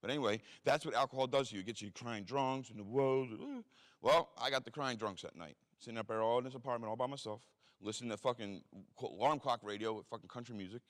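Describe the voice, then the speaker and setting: Man, quick and crude storyteller, self-mocking, long hall echo. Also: mid-range voice. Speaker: speaker telling his life story. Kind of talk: profane storytelling talk. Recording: reverberant hall.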